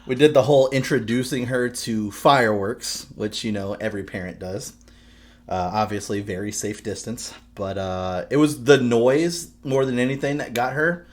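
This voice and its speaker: A young man telling stories in casual podcast chat, swearing often and laughing loudly. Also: medium pitch, normal speed. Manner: profane, animated storytelling. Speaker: podcast co-host.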